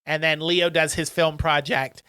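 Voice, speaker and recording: A man co-hosting a podcast, casually recapping a film plot and acting out the characters' lines in raised, excited voices. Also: a little high, unhurried, smooth, no echo, studio quality. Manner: animated retelling, acts out characters in raised voices. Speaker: podcast co-host.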